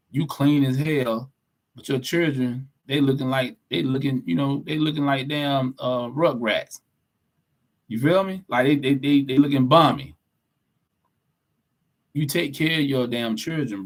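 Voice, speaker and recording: Blunt, preachy podcast co-host man. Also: mid-range voice. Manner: blunt, preachy, profane, emphatic. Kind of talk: casual opinionated podcast talk.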